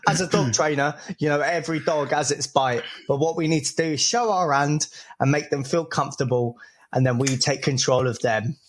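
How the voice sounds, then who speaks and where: A man co-hosting a casual podcast chat, speaking haltingly with frequent restarts and laughter. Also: fairly high pitch, slight background noise. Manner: hesitant, halting, laughs a lot. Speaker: podcast co-host.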